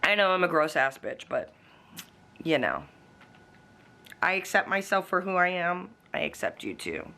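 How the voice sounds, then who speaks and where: A woman's voice: fairly low pitch, lively intonation, unhurried, vocal fry, long pauses, bright, forceful tone. A woman vlogging from home in a casual, blunt, profane rant aimed straight at the camera. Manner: talks to the camera.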